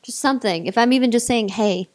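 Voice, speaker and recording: A woman's voice: on the high side, quick pace, a little mellow. A young woman from North Carolina with a faint Southern accent, chatting as an interview guest, bubbly and giggly with lots of likes and ums. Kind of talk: casual interview chat.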